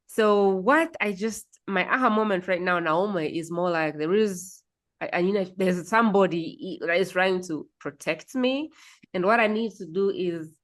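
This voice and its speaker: Thoughtful Ugandan woman, low voice. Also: moderate pace. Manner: thoughtful, musing aloud, frequent hums of agreement. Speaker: podcast host. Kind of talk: reflective interview conversation.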